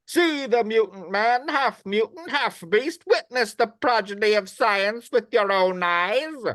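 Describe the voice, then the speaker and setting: A man voicing a loud male carnival sideshow barker in an amateur script read, calling out in a drawn-out showman's cry. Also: sits high, animated, pitched above the performer's own voice, exaggerated voice. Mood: hawking. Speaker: script reader.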